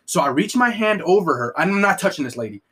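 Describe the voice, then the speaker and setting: A man's voice: sits high, expressive, fast talker, fairly bright tone, slightly rough. A young man telling a story on a casual podcast, rambling and profane, with lots of filler words and restarts. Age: young adult.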